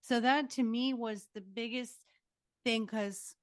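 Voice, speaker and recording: A woman's voice: on the high side, fairly even intonation, takes it slowly, dry recording, clean studio sound. An older woman hosting a podcast interview, giving earnest, emphatic parenting advice. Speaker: podcast host. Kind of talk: casual interview chat.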